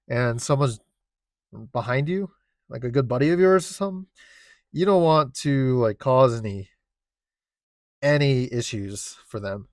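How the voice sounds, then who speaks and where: Out of breath in a cold, dimly lit home garage, a car enthusiast vlogger halts through an explanation of car parts, full of fillers and restarts. His mid-range voice comes through dry and studio quality.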